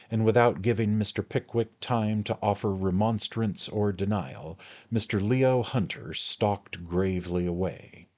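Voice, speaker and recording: A man reading a classic novel aloud in measured, scripted narration. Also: fairly low pitch, darkish tone. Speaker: audiobook reader.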